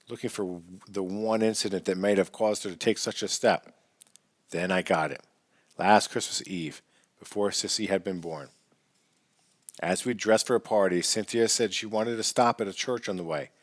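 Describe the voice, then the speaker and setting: A man reads a first-person memoir aloud in a measured, earnest storytelling manner. His voice sits low, and he raises it for shouted lines. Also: dry recording. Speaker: audiobook narrator.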